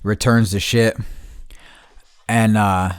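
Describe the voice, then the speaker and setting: Low-voiced, foul-mouthed man telling a story. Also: fairly even intonation, slow, clean tone, dry recording, clean studio sound. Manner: rambling, heavy swearing, laughs mid-story. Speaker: podcast host. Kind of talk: casual storytelling.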